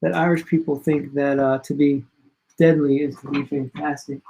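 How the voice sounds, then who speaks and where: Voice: mid-range voice, steady tone, normal speed, gravelly, warm tone. A parent hosting a casual online quiz stream for students, chatting and reading out players' answers and scores. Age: adult parent.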